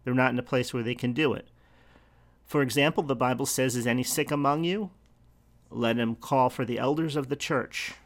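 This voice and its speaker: A man preaching a sermon, teaching in an earnest, unhurried way with pauses and restarts. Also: mid-range voice, fairly even intonation.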